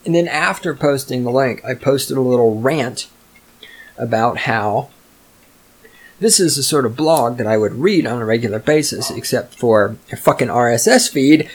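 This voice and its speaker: A man's voice: mid-range voice, expressive, moderate pace. A man hosting a solo podcast, ranting in a profane, sarcastic way. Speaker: podcast host. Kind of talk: solo rant monologue.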